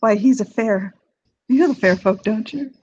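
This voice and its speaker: A woman voicing a cruel male captor who taunts his prisoner in a low, menacing voice that sinks to a whisper, recorded on a dull lo-fi mic. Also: normal speed, a little mellow, a little hiss or hum, close to an everyday voice.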